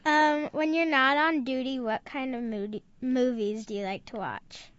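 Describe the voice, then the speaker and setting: A woman's voice: high voice, steady tone, moderate pace, fairly bright tone, clear, resonant tone, dry recording, dull audio. A young female kids' film correspondent asking interview questions hesitantly, with frequent ums.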